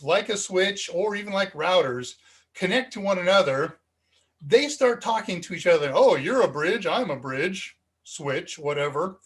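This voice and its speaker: A man's voice: high-pitched, a bit bright, slightly rough. An American man hosting a live tech Q&A stream, chatting casually and rambling with frequent ums, speaking into a cheap USB microphone. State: slightly dizzy and foggy. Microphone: cheap USB desk microphone.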